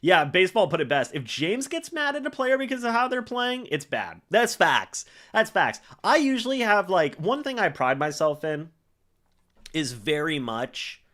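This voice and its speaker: Animated young man reacting live. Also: sits high, normal speed. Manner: excitable play-by-play with frequent fillers. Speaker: live-stream host. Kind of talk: live game reaction stream.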